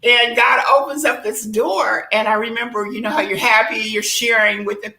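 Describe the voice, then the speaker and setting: A woman life coach sharing a personal testimony in a virtual discussion, an animated storyteller who laughs often and acts out what people said. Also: fairly high pitch, normal speed, gravelly, echoey room, background noise. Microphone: video call.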